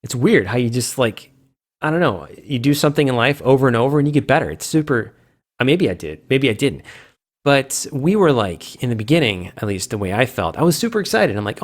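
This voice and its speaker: A man hosts a casual solo video chat for a game community in a sing-song, fairly quick voice. He rambles, corrects himself, plays with invented words, and mimics fans' reactions with sudden jumps in pitch.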